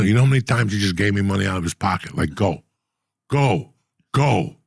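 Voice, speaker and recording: Gravelly, profane storytelling man. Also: on the low side, a little fast, no echo, studio quality. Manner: profane, animated storyteller acting out quotes. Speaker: podcast host. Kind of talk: casual storytelling.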